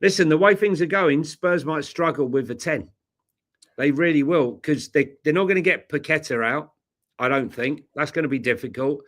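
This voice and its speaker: A man's voice: a little high, moderate pace, fairly bright tone. A tired man co-hosting a casual football chat, blunt and jokey. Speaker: co-host.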